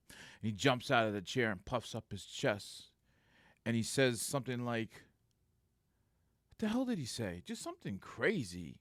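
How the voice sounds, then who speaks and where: Man telling a lively story, dry sound. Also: mid-range voice, moderate pace, pauses often, no room sound. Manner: animated storytelling, laughs often. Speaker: security supervisor. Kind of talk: casual anecdote.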